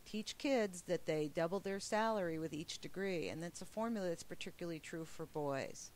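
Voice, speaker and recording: Lowish-voiced woman trainer, emphatic, upbeat webinar presenter. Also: moderate pace, a little mellow. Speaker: professional development trainer. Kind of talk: recorded teacher training webinar.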